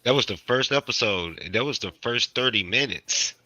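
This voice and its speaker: A man's voice: medium pitch, lively intonation, moderate pace, bright, forceful tone, no echo, muffled recording. A man co-hosting a casual livestream, animatedly recapping scenes from a show. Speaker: co-host.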